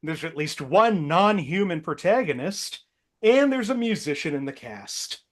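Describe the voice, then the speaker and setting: A man with a fairly high voice hosts a movie quiz. He reads each clue out in a steady way and laughs along with his players. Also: unhurried. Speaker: game show host. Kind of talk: hosting a movie quiz game.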